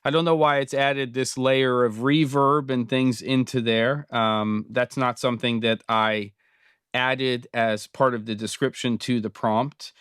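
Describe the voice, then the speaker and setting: Smooth-voiced man hosting a tech show. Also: medium pitch, a little slow, no echo, studio quality. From Britain. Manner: relaxed, thinking aloud with many fillers. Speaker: host. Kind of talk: casual screen-recorded tutorial.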